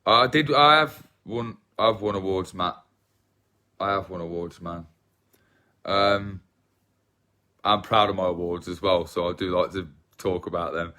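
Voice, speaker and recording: A man's voice: low voice, unhurried, long pauses, bright, forceful tone. An English man with an English accent chatting casually with viewers on a livestream, self-deprecating and rambling. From England. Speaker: livestream host.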